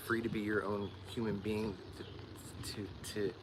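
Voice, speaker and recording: Slow, halting man with a Philly accent. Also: fairly low pitch, flat delivery, background noise. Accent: Philadelphia. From Delaware County, Pennsylvania. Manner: halting, repeats words while searching for them. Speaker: live streamer. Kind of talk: casual livestream chat.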